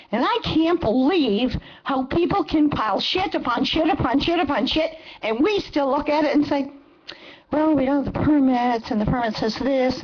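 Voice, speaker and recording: Angry older woman at a council podium. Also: high-pitched. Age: 70s. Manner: angry, impassioned, emphatic. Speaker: public commenter. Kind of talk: public comment at a council meeting. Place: council chamber. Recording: dull lo-fi meeting recording.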